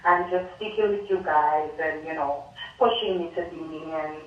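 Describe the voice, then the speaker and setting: A woman's voice: low voice, normal speed, recorded from a distance, a little hiss or hum. Earnest woman caller on a dull, echoey line. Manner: heartfelt, earnest thanks.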